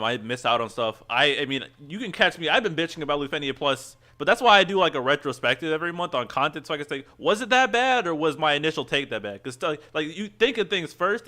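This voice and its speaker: A man's voice: a little high, animated, sharp tone. A man hosting a game stream, ranting at length with frequent restarts and reading chat. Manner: fast, rambling rant with frequent restarts. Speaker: streamer host. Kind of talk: casual game stream rant.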